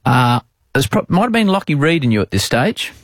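Brief: lively Australian male host, self-mocking storyteller, dry close sound. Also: a little high, brisk, no echo. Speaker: podcast host, sports broadcaster. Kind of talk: casual storytelling chat.

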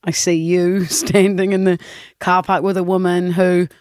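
Animated radio woman, dry sound. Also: a little slow, no room sound. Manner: animated storyteller, jumps into high voices. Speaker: radio co-host. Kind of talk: casual breakfast radio banter.

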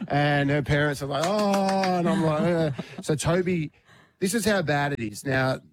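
A man's voice: a little high, unhurried, a crowd in the background. A man, hosting morning radio and telling a funny family story while acting out the voices. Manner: acts out the voices in his stories. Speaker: radio host.

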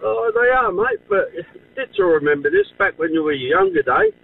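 A man's voice: very high voice, huge pitch swings, brisk, vocal fry, slightly rough. A man calling a radio show, reminiscing in a swooping way. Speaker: caller. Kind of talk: nostalgic phone call. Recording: distant tinny phone line.

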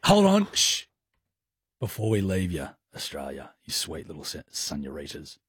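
A male radio co-host with a slightly husky voice, recorded dry and close. He teases his partner and laughs easily through the banter. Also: very deep voice, wildly swooping pitch, moderate pace, no echo. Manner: teasing, laughing often.

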